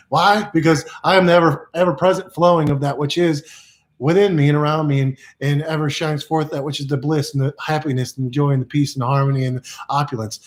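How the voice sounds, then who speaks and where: A man's voice: fairly high pitch, fast talker. A man giving playful, repetitive self-help affirmations to camera, exuberant and goofy, laughing often.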